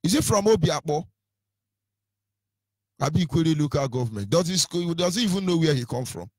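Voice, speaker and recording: A man's voice: a little high, expressive, moderate pace, darkish tone, no echo. A Nigerian-accented man presenting on radio in a combative, taunting rant, hurling insults with sing-song lilts.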